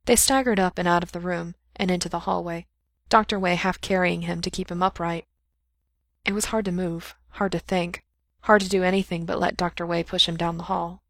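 Woman, storybook narrator, slightly low voice, dry close sound, acts out characters' lines. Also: fairly even intonation, a little fast, no room sound. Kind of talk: fiction audiobook reading.

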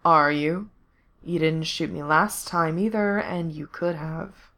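A cruel, soft-spoken male villain, as a woman reader puts him on in a storybook reading. He drawls slowly and quietly, with a low, menacing calm. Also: creaky. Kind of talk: fan fiction reading.

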